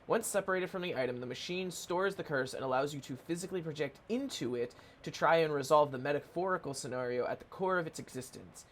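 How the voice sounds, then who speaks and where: A man's voice: fairly high pitch, fast talker, few pauses, slight background noise, close to an everyday voice. A man voicing a chatty game character who patiently explains a strange machine. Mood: explaining.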